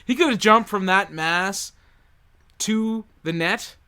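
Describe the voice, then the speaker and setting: A man's voice: sits high, slow, pushed and bright, clear, resonant tone. A man co-hosting a podcast, dropping wry jokes and pushback in casual movie-review chat. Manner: wry, jokey interjections. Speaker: podcast co-host.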